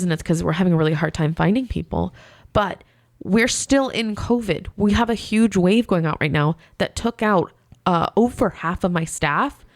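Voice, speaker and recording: Lower-voiced young woman venting on a podcast. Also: no room sound, studio quality. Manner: animated venting storyteller who acts out exchanges. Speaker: hotel front desk manager, podcast co-host. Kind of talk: casual podcast chat.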